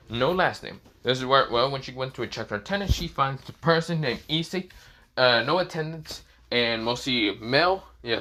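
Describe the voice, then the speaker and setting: A man's voice: medium pitch, sharp tone. A young man improvising a fan story as narrator, rambling with many fillers and restarts.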